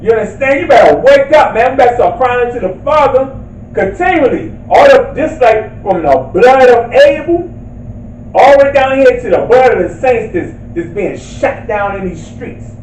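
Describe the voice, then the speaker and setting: A man preaching a sermon, reading scripture and building to impassioned shouts. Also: very high voice, lively intonation, moderate pace, echoey room, distant mic, rough recording. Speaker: street preacher.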